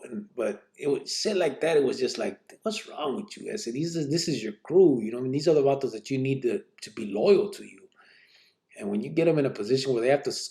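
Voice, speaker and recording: Gravelly man hosting a live podcast. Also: mid-range voice. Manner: relaxed street slang mixed with Spanish words; reads out listener questions and answers them. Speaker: podcast host. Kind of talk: live podcast, casual storytelling.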